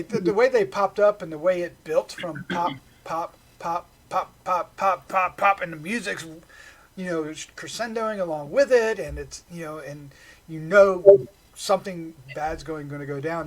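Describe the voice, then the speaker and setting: A man hosting a casual film review podcast, excitable, often trailing off into low mutters. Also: poor audio.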